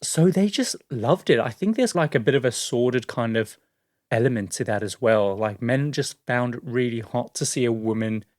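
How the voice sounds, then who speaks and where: A man telling a story on a podcast, easy and chatty. He laughs often and drops casual fillers as he goes. His voice sits at a middle pitch and sounds dry and close. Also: normal speed, darkish tone, no room sound. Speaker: podcast co-host.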